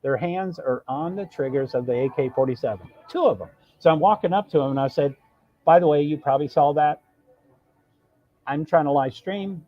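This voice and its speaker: A man tells a winding story on his live stream, cutting himself off and slipping into quoted lines. His voice is husky and sits a little high. The stream audio is dull and lo-fi, with faint music underneath. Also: moderate pace. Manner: rambling, self-interrupting, quotes others. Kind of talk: casual storytelling.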